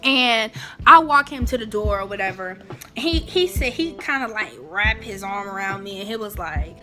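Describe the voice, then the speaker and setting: A young woman telling a personal story in a casual, animated, chatty way. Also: medium pitch, moderate pace, soft background music. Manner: animated, chatty, jumping into quoted voices. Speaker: vlogger.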